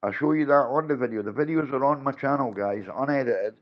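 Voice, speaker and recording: A middle-aged man telling a story on a livestream, animated and acting out what each person said. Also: medium pitch, fairly quick, lo-fi sound. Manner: animated, acts out his own and others' lines. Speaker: livestream host.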